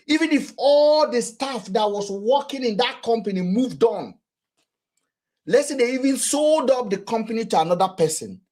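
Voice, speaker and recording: Brief: Nigerian-accented male vlogger, husky, lively swooping delivery, high voice. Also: moderate pace. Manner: animated, rhetorical, acts out quotes. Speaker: vlogger and commentator. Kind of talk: casual commentary.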